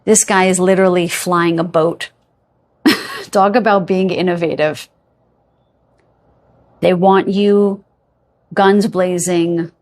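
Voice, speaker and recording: A woman's voice: fairly low pitch, steady tone, takes it slowly, pauses often. A woman giving a casual pick-a-card tarot reading, chatty and rambling, often checking in with "okay?" and "right?". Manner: rambling with playful filler sounds.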